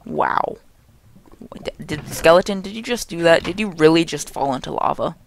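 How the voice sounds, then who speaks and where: A young man hosting a gaming channel, giving jokey, excitable let's play commentary and talking to the game's monsters. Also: a little high, moderate pace, vocal fry, slight background noise.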